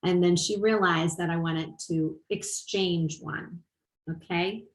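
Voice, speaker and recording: A woman's voice: fairly low pitch, fairly even intonation, slow pace, roomy sound, poor audio. A middle-aged woman presenting at a teaching conference, explaining ideas and asking her audience rhetorical questions. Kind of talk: webinar lecture.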